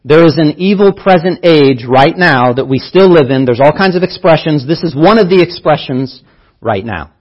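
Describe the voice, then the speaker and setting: A man's voice: on the high side, lively intonation, moderate pace, highs cut off. A man preaching a sermon as pastor, teaching earnestly and repeating key phrases for emphasis.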